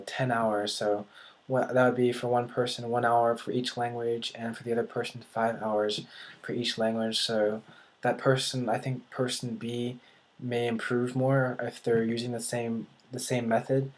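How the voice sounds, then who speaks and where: A man vlogging casually about learning languages, thinking aloud with frequent pauses and restarts and a dry sarcastic touch. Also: medium pitch. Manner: dry, self-described sarcastic humor. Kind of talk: casual talk to camera.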